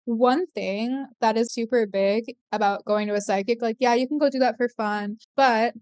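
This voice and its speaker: A young woman with a high voice tells a story on her podcast in lively casual chat. She jumps way up in pitch whenever she acts out what someone said. The sound is dry and close. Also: moderate pace, no echo. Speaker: podcast host.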